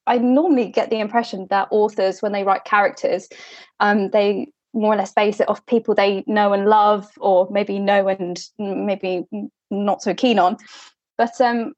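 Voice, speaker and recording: A woman's voice: mid-range voice, moderate pace, no echo. Chatty woman, dry lo-fi sound. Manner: chatty, giggly, animated, with frequent restarts. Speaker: podcast host. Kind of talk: casual chat. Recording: dull lo-fi audio.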